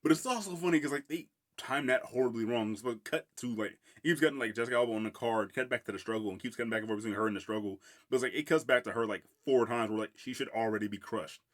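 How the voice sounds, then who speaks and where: A man's voice: mid-range voice, fast talker, hardly any pauses. Rambling, laughing man reviewing a film. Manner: rambling, laughs often, swears freely. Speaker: podcast host. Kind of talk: casual solo film review.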